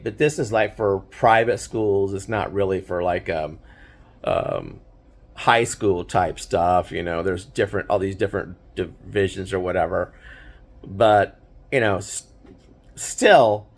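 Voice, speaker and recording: A man's voice: fairly low pitch, a little slow. An older man telling personal stories in a casual, rambling way, full of fillers and restarts. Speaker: host. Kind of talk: casual storytelling.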